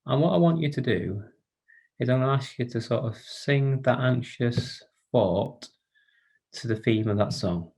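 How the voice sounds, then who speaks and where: A man guides an online workshop over a video call with a gentle, inviting manner. His voice has a gravelly, husky edge. He pauses and restarts often as he speaks, and his pitch sits in an ordinary middle range. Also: expressive. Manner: gentle, inviting, hesitant with many restarts and "sort of". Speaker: workshop presenter for carers.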